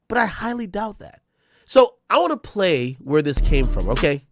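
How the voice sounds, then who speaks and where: A man streams his reaction commentary in a blunt, ranting way, swearing freely and talking straight at the subject. His voice sits a little high and swings widely in pitch. The close mic sounds dry, with no room echo. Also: very animated, normal speed.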